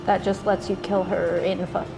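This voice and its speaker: A woman's voice: medium pitch, little pitch movement, moderate pace, gravelly, music in the background, poor audio. A woman playing in a tabletop role-playing game, speaking in a dry, matter-of-fact way. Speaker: player. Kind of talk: casual tabletop game play.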